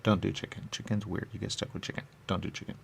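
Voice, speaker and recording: This radio host speaks in a low voice at a quick pace, with vocal fry and little pitch movement, over a faint hiss or hum. His comic monologue rambles and turns silly as he repeatedly poses and answers his own questions.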